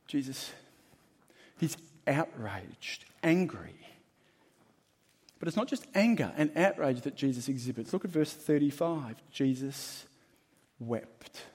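A man preaching a sermon as pastor, emphatic and shifting between loud and hushed. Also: a little high, very animated, unhurried, long pauses, husky. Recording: long hall reverb.

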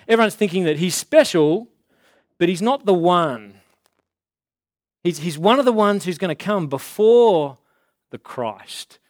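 Male preacher, relaxed and talky, leans on key words slowly; bright voice, dry close sound. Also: high voice, no echo. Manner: casual, slows down to stress key words. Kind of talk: conversational sermon.

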